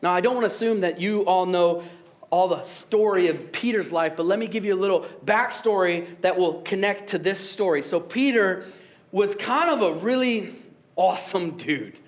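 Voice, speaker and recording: A young man preaching in a casual, joking tone, often breaking into laughter at his own lines. His voice sits high for a man, and he keeps the sermon light and conversational. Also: moderate pace. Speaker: pastor.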